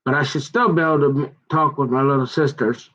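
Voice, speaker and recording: A man telling a long personal grievance in a rambling, halting way, often restarting his sentences and growing heated as he goes. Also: medium pitch, steady tone, fairly bright tone, lo-fi sound. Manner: aggrieved, heated. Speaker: son recounting a family conflict.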